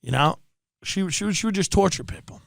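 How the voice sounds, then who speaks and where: A man's voice: high voice, animated, fairly quick, gravelly, a bit bright, no echo. Sarcastic, profane male comic ranting. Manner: sarcastic, profane, impersonates people mid-rant. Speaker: podcast host. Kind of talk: comedic rant.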